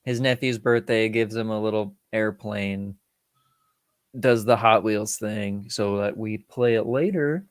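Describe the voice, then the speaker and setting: Animated man co-hosting a film podcast. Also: on the low side, a little slow, smooth, no echo, clean studio sound. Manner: animated, acts out scenes and quips with laughter. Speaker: podcast co-host. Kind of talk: casual film-review chat.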